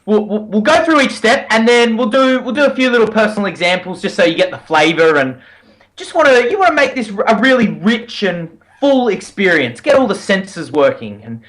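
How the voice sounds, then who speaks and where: High, lively-voiced energetic male podcaster. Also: fairly quick, poor audio. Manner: energetic, playful, teasing. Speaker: podcast co-host. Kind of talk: casual podcast chat.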